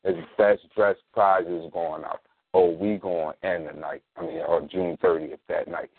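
A man hosting a casual talk radio show, plugging events in a relaxed, slangy way. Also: low voice, creaky, husky, no echo. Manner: laid-back slangy promos, spells things out slowly. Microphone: sits in a squeaky reclining chair. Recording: dry tinny phone-like line.

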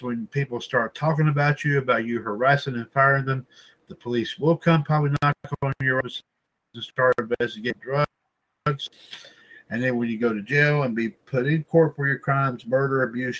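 A man's voice: mid-range voice, a bit bright, low-quality recording. Rambling man hosting a wrestling podcast. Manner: rambling, heavy filler phrases, addresses listeners as folks. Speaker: podcast host. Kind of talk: casual wrestling commentary podcast.

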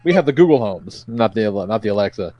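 Fast-talking and low-voiced, this man co-hosts a comedy podcast where he tells casual stories full of swearing and acted-out lines. The audio is dull, with no room sound.

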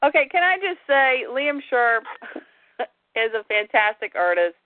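High, lively woman on a tinny line. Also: a little slow, no room sound. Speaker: podcast co-host. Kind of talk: casual chat about comics. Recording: dry, tinny phone-like line.

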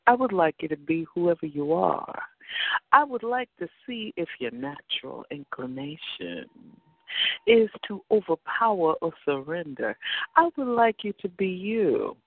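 A man voicing a seductive woman in a story, speaking in a slow low purr and drawl. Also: very animated, creaky, no echo, exaggerated voice. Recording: dry phone-like sound.

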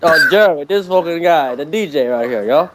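A brash, swaggering wrestler persona, voiced by a man reading an email aloud. He drawls and struts through every line with tough-guy confidence. The voice sits a bit low for him but stays fairly high for a man. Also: lively intonation, moderate pace, background noise, lightly acted. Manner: cocky drawl, peppered with "hey yo". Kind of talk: reading a listener email in an impression.

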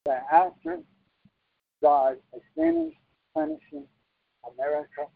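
A man preaching a sermon slowly and deliberately, with sudden high emphatic jumps in his voice. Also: huge pitch swings, vocal fry, slightly rough, no room sound. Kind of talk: sermon with sign language interpretation. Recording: tinny phone-like broadcast line.

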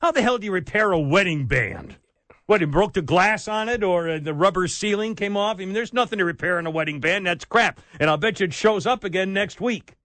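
An angry, sarcastic male talk radio host rants at a studio mic. His voice is high and sharp-edged, and the sound is dry and close. Faint music plays underneath. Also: expressive, a little fast, no echo.

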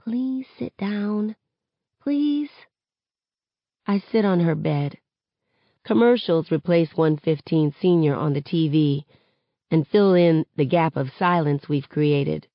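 A woman reading a novel aloud in measured first-person narration for a study session. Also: low-pitched, dry recording, highs cut off. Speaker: reader in a book study session.

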